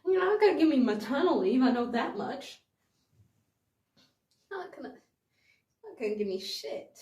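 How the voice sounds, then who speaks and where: A woman's voice: high voice, big pitch swings, normal speed, a little mellow. A woman playing a desperate, overworked woman who rants, swears and repeats herself. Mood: ranting. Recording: roomy echo from a distant mic.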